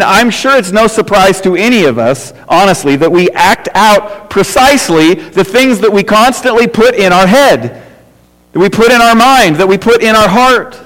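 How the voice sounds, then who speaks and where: Middle-aged male pastor, high-pitched, conversational sermon, repetitive and questioning, echoing sanctuary. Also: fairly bright tone. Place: church sanctuary. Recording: reverberant church hall.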